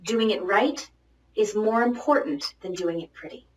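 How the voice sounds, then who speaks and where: A woman teaching singing in an online lesson, joking and direct, demonstrating calls and shouts. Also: medium pitch, a little slow, roomy sound, far from the mic, low-quality recording. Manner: playful, jokey and direct, with sung and shouted demonstrations.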